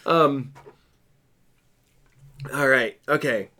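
A man's voice: medium pitch, drawn-out words, pushed and bright. A man co-hosting a casual podcast chat, rambling with many restarts and crude jokes. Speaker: podcast co-host.

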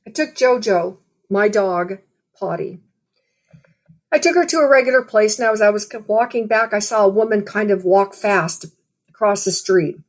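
A woman delivers a sermon in a relaxed, conversational way. She weaves personal stories into scripture and often adds "you know". Her voice sits at an ordinary middle pitch. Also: moderate pace. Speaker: preacher.

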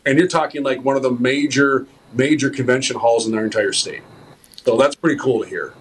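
A man in casual chat about fishing, speaking in a measured, agreeable, matter-of-fact way. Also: medium pitch, fairly even intonation, a little hiss or hum, rough recording.

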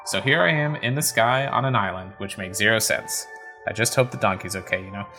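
A man's voice: lowish voice, brisk, music in the background, lightly acted. A man reading a sarcastic young female elven witch heroine aloud on a game stream, with a snarky, self-mocking manner.

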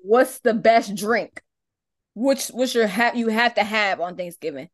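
A woman with a Philadelphia accent co-hosting a casual podcast chat, teasing with quick interjections. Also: mid-range voice. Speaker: podcast co-host.

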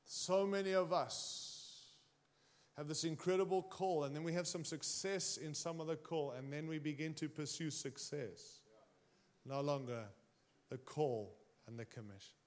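Guy preaching hard to his church, kinda high voice, rises and drops a lot, talks right at the crowd. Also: unhurried. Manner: emphatic, varies pitch and volume widely, direct address to congregation. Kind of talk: sermon.

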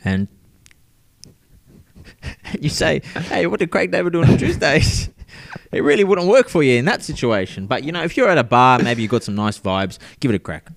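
A man's voice: medium pitch, very animated, moderate pace, pauses often. A man, co-hosting a podcast in casual banter, laughing often between lines. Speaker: podcast co-host.

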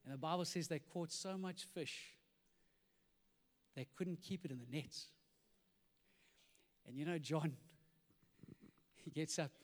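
High-voiced pastor in a hall. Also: male voice. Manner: animated storytelling, acting out characters with dramatic swings from loud to hushed. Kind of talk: sermon. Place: church hall. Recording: reverberant church hall.

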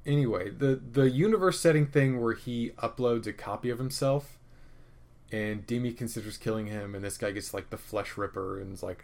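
A man casually recapping a TV episode, opinionated and profane, rambling with restarts and swinging between loud rants and muttered asides. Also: mid-range voice, moderate pace, creaky. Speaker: podcast host reviewing a TV episode.

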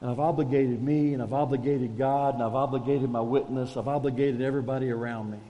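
A man's voice: medium pitch, steady tone, quick pace, warm tone, big-room sound. A man preaching a conversational, self-deprecating sermon as a pastor, calling his listeners folks.

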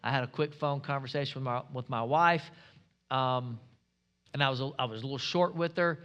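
A pastor preaching a sermon, emphatic and asking the congregation rhetorical questions. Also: male voice, medium pitch, brisk, fairly bright tone, clear, resonant tone, muffled recording.

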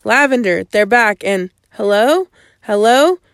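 A woman voicing a steady, protective mother who speaks in a firm, calming, measured way. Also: on the high side, dry recording, clean studio sound. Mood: concerned.

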